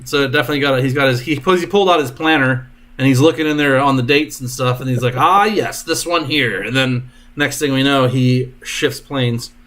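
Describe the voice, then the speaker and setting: A man's voice: medium pitch, fairly even intonation, fairly bright tone. Guy dm calling out rolls n attacks, jokey, middle voice. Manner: brisk, jokey asides while running turns. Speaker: dungeon master. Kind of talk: narrating a tabletop combat.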